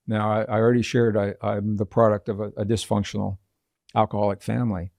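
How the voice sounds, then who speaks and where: A man being interviewed as a guest author, telling personal stories and explaining ideas in a measured, earnest way. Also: on the low side, little pitch movement, creaky, darkish tone, no room sound, studio quality. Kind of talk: reflective interview storytelling.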